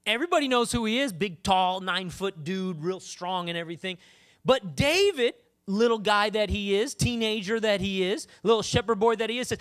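A woman preacher giving a sermon in a conversational, animated way, often acting out the voices of the people she talks about. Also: medium pitch, a little fast.

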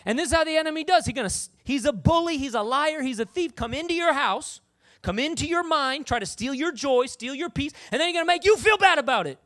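A woman preacher giving a sermon in a conversational, animated way, often acting out the voices of the people she talks about. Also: high voice, fast talker.

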